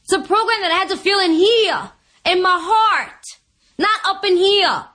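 A woman's voice: very high voice, normal speed. A woman speaking at a recovery meeting, giving a humorous testimony and acting out the voices of people she quotes. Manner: lively, animated, acts out voices and laughs often.

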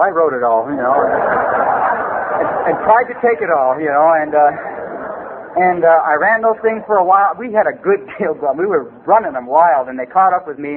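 A man in his forties telling his story at a recovery meeting, rambling and streetwise, with "you know" every few words. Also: fairly high pitch. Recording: tinny lo-fi tape with faint hiss.

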